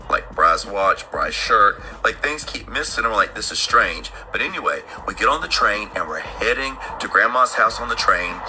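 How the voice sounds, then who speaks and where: A middle-aged man telling a long personal story in a casual, animated way. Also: on the low side. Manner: animated, acts out voices in his story. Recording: noisy background ambience.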